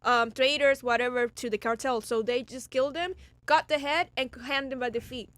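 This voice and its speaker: A woman's voice: high voice, steady tone, normal speed, a bit bright, no room sound. A woman co-hosting a podcast, chatting and giggling, slipping into Spanish phrases. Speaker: podcast co-host. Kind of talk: casual chat.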